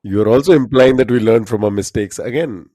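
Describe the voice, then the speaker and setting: Male trivia co-host, relaxed and chuckling, warm tone, dry close sound. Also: mid-range voice, fairly quick, no room sound. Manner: laughs often, easygoing. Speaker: podcast co-host. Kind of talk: casual trivia chat.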